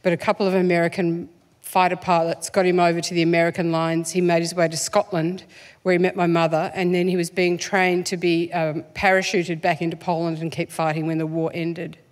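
Chatty woman, low-pitched, laughing often. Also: little pitch movement, a little fast. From Australia, born in England. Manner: chatty, self-deprecating, laughs often, many ums. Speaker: author guest. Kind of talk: live stage interview.

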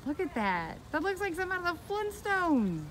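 Very high-pitched, very animated and brisk, with a bit of brightness, the woman vlogs her way through an outdoor theme park amid slight background noise. She is a chatty, bubbly travel vlogger who coos at the animals she passes on this casual walk-through.

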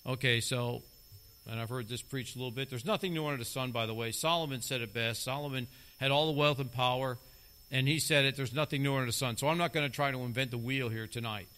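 A middle-aged man delivering a church sermon with a bright, forceful voice. He leans into his points and repeats key lines to drive them home. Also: mid-range voice, fast, slight background noise. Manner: emphatic, repeats key phrases for stress. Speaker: lay preacher.

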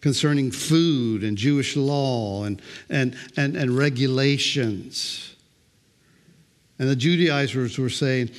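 A man's voice: medium pitch, slow. Older male pastor preaching casually. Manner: conversational preaching with frequent repeated words. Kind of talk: sermon.

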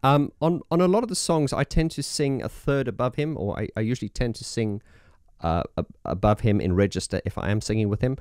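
A man's voice: medium pitch, lively intonation, brisk, few pauses, darkish tone, smooth, no echo, clean studio sound. A man with an early morning voice, a keyboard player walking through his setup in a casual, enthusiastic, rambling way. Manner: enthusiastic, rambling, many fillers. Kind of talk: casual demo talk.

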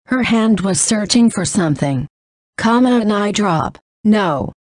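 A woman narrating a novel in a flat reading that says punctuation aloud. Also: medium pitch, measured pace, dry recording, clean studio sound.

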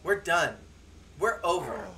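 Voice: medium pitch, very animated, takes it slowly. A game streamer giving joking let's-play commentary, with sudden squeals and bursts of laughter. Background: faint game music.

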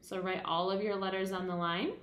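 A woman teaches young children phonics, her voice sitting at an ordinary middle pitch. She talks in a sing-song teacher manner, asking questions and answering them herself. The room around her rings with a noticeable echo. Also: little pitch movement, brisk, a bit bright, a little hiss or hum. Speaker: kindergarten teacher. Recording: roomy echo.

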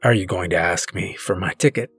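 A man doing a soft-spoken old train passenger. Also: deep voice, husky, soft background music, voice pushed down, heavily acted. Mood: calm. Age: older. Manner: soft, quiet, measured. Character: weary old male train passenger, calm and patient.

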